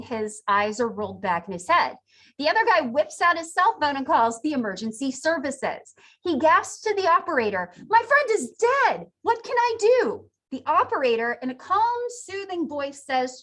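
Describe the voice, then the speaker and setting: High-voiced woman lecturing a class. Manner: chatty, jokey, animated asides. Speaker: psychology instructor.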